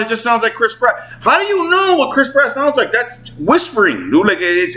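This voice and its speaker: Casual male gaming commentator in his forties, excitable and slangy, with lots of pitch movement. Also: slight background noise, poor audio. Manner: excitable, slangy, swears, acts out character voices. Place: at home. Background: clothes dryer running.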